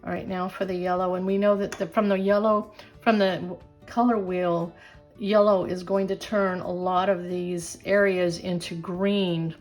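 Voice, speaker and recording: A woman's voice: lowish voice, little pitch movement, a little slow, a little mellow, faint music behind. An older woman hosting a casual craft tutorial, chatty and encouraging, with a self-deprecating streak. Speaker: craft channel host.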